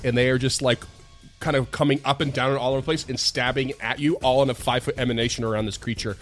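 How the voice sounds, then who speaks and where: A man running a tabletop game as game master, narrating loosely with many fillers. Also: mid-range voice. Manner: loose, filler-heavy narration with frequent laughs.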